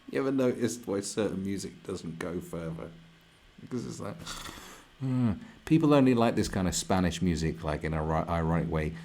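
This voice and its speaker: A man's voice: low-pitched, lively intonation, normal speed, pauses often, darkish tone, slight background noise. A young man streaming live, ranting crudely and mocking the video in front of him, laughing often. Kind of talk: profane ranting reaction stream.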